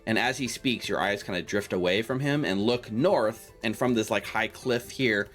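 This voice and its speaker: A man's voice: fairly low pitch, moderate pace, a bit bright, soft background music. A man narrating a tabletop game as game master, in a casual way full of "like" and fillers.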